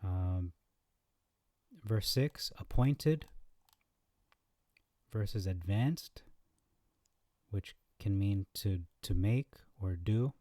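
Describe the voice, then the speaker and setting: A man hosting a scripture comparison lesson, reading verses aloud and thinking out loud with fillers, on a close mic. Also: fairly low pitch, drawn-out words, long pauses, no echo. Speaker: Bible teacher.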